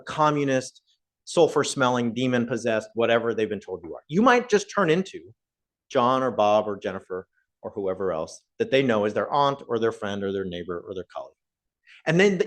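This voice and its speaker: A man's voice: medium pitch, a bit bright. A man and professor giving a conversational public talk to a live audience, often putting questions to the listeners. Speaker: guest speaker, professor.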